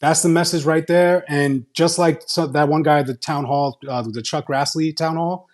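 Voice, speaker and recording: A man's voice: a little high, fairly even intonation, normal speed. Earnest man hosting an interview. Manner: earnest, rallying listeners to speak out. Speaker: host. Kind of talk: conversational interview.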